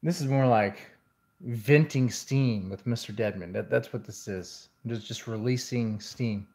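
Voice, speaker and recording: A man's voice: medium pitch, unhurried, mellow. A man venting in a casual vlog, telling a rambling story in an exasperated way. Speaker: vlogger.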